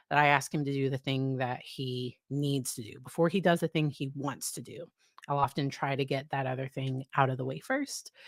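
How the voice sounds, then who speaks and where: A woman's voice: rumbling low, dry recording, studio quality. A woman psychologist talking casually about parenting, often laughing and acting out exchanges with her child. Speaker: psychologist host. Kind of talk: casual educational talk.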